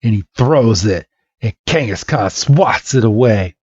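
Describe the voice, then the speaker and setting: A man hosting a podcast, casually retelling a story and acting out every character in an animated way. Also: on the low side, measured pace, breathy edge, no echo. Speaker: podcast host. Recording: dull lo-fi dry podcast mic.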